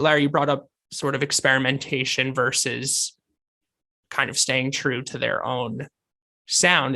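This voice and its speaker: Bright, gravelly male podcast co-host. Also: medium pitch. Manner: thoughtful, hedging with fillers. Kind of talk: casual podcast chat.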